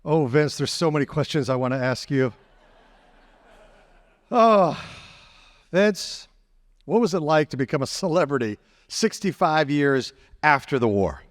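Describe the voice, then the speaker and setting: A man's voice: fairly high pitch, animated, a little slow, pauses often. Effusive male host in an echoing hall. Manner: effusive, admiring. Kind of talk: on-stage interview. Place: large event hall. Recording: long hall reverb, crowd behind.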